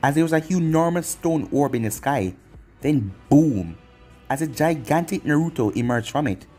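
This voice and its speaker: A man narrating a fan-made anime story in a plain, brisk storytelling manner. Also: a little high, animated, a little mellow, faint music behind. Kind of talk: story reading.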